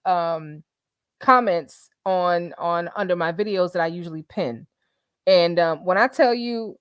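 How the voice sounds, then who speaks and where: A woman hosting a casual live stream, reading messages and viewer comments aloud with animated, laughing commentary. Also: mid-range voice, no echo, clean studio sound.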